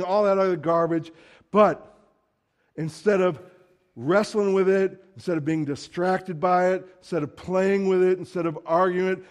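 Give me a man giving an emphatic, conversational sermon with a slightly high voice. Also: darkish tone. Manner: conversational, emphatic, acts out quotes. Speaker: preacher.

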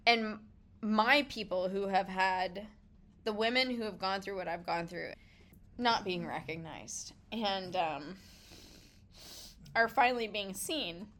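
A woman's voice: mid-range voice, takes it slowly, long pauses, fairly bright tone. A middle-aged woman, a pediatrician, sharing a heartfelt and at times tearful casual reflection with a group. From United States. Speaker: pediatrician and podcast guest.

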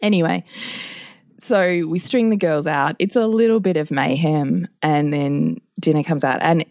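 A woman's voice: sits low, measured pace, darkish tone, no echo. A middle-aged woman, co-hosting a casual podcast and animatedly telling a story, acting out quotes and laughing often. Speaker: podcast co-host.

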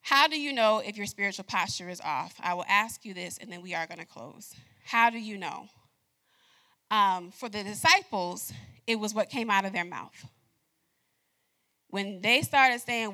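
A woman's voice: mid-range voice, moderate pace, long pauses, bright, forceful tone. A woman preaching a sermon, talking straight to the congregation and laughing often as she tells a personal story.

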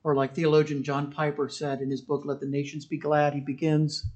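A man preaching a sermon with passion, swinging from loud declarations to quiet, wry storytelling. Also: fairly high pitch, completely flat delivery, fairly quick. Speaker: pastor.

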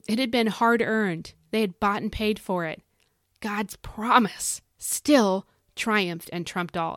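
A woman's voice: mid-range voice, no echo, studio quality. A woman hosting a devotional podcast, talking in an earnest, encouraging, conversational way. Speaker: podcast host.

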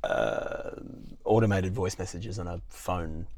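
A man's voice: low voice, slow, gravelly, a little hiss or hum. A man, co-hosting a casual chat show and telling playful stories. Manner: lively, playful storyteller. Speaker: co-host.

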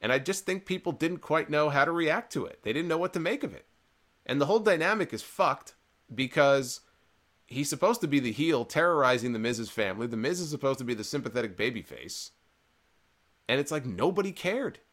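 A man's voice: fairly high pitch, expressive, fairly quick, fairly bright tone. A man hosting a live-streamed wrestling recap, talking in an opinionated, sarcastic and rambling way. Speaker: wrestling show host.

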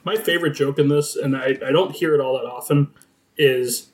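A man's voice: mid-range voice, brisk, a little hiss or hum. A man in casual podcast chat, dropping wry, teasing asides. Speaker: podcast co-host.

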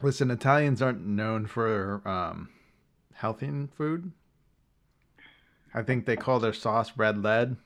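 A man's voice: lowish voice, slow, long pauses, fairly bright tone. A man co-hosting a podcast, rambling through stories in casual chat. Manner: rambling storyteller. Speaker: podcast co-host.

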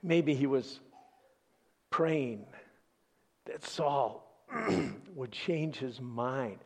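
Preacher guy telling the story, husky voice, pitch all over the place. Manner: animated storytelling preacher, dramatic pauses. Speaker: pastor. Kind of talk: sermon.

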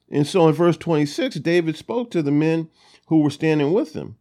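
This Bible study host has a voice on the high side with a darkish tone. He reads verses aloud and retells them in a loose, conversational manner, using many fillers.

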